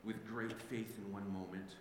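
A male pastor preaching a sermon, telling the story with animated restarts and acting out the figures. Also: lowish voice, moderate pace. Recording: very echoey hall, faint background noise.

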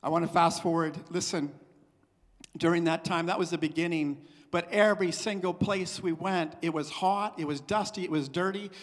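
Man preaching, high voice, long hall reverb, hushed then loud. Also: moderate pace. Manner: swings from hushed to loud excited. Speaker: missionary preacher. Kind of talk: sermon testimony.

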